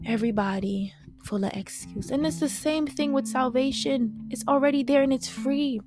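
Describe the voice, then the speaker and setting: Young woman, Bible study teacher, passionate, slangy, higher voice, clear music underneath. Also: normal speed. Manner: passionate, slangy, animated preaching. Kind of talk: casual Bible teaching with scripture reading.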